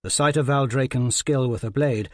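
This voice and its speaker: A man narrating a fantasy audiobook in a measured, even way. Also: mid-range voice, no echo, clean studio sound.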